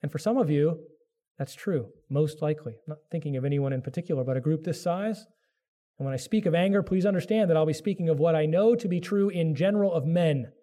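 A man's voice: fairly high pitch, quick pace, dark tone. A middle-aged man preaching a sermon as pastor, earnest, sometimes acting out the voices of biblical figures.

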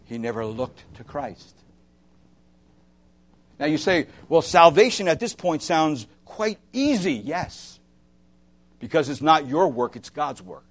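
Pastor, male, sermon; slightly high voice, impassioned, swings loud to hushed, questions the listeners. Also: very animated, takes it slowly, pauses often. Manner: asks the listeners direct questions.

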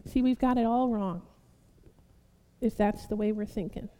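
A woman pastor preaching a sermon, building to loud, fervent exhortation and calling her listeners beloved. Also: mid-range voice, unhurried, long reverb tail.

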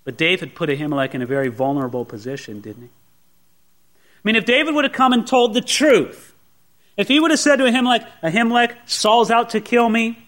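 A man preaching a sermon, teaching through a Bible passage in an animated way and acting out the characters' lines. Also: high-pitched, a little fast. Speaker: pastor.

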